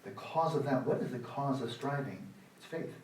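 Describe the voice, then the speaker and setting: A man's voice: mid-range voice, moderate pace, slight background noise. Wry older man teaching in a roomy hall. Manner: sarcastic, animated, acts out inner voices. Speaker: meditation teacher. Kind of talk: dharma talk at a retreat. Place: meditation retreat hall. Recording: roomy hall, voice from the mic's distance.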